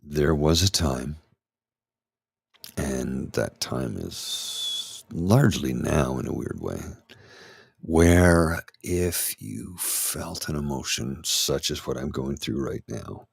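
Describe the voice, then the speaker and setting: Man, middle-aged, anxious and trembling, halting speech, husky low voice, dry close sound. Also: lively intonation, no room sound. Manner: halting, restarts, anxious and shaky. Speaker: ASMR channel host. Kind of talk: candid personal talk.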